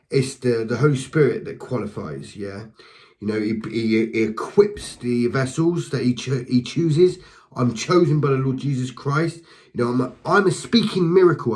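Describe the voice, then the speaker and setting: A man's voice: medium pitch, a little mellow, poor audio. A man preaching and giving a passionate spoken testimony, talking directly to listeners with fervour, often repeating and restarting words. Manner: speaks to the listener directly with encouragement. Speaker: lay preacher.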